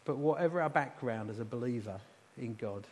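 A man's voice: medium pitch, expressive, a little fast, darkish tone. A man preaching as a pastor, earnestly leading his congregation in call-and-response prayer. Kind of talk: sermon and closing prayer. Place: church hall. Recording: reverberant hall, faint hum.

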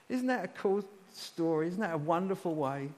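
Speaking at normal speed in a high-pitched, expressive voice, a man preaches as a pastor in a church hall. He earnestly guides his congregation through call-and-response prayer in a sermon and closing prayer, captured in a reverberant hall with a faint hum.

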